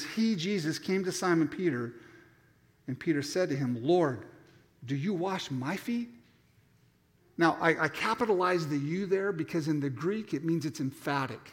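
A man in middle age preaches a sermon in a high, animated voice, stumbling into restarts as he acts out scenes. His words ring with long reverb through a church sanctuary. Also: normal speed. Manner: animated storytelling, acting out voices, frequent restarts. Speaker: pastor.

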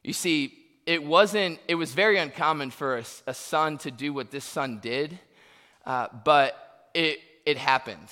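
A man preaching a sermon, telling funny personal stories and acting out the quotes with lively energy. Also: on the high side, measured pace. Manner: animated, humorous storytelling with acted-out quotes. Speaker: pastor. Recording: long hall reverb.

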